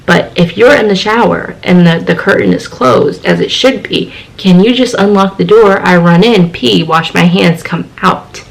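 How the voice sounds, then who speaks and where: Dramatic woman with a gravelly edge. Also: lively intonation, moderate pace, low-quality recording. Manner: dramatic, acts out her own lines with big pitch jumps. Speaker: storytime vlogger. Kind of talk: animated storytelling to camera.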